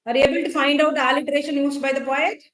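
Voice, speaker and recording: High-voiced Indian woman teaching a class. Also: steady tone, rapid-fire, fairly bright tone, roomy sound, low-quality recording. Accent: Indian English. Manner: explains terms and quizzes students, with frequent fillers. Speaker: college English teacher. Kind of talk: classroom lecture on a poem.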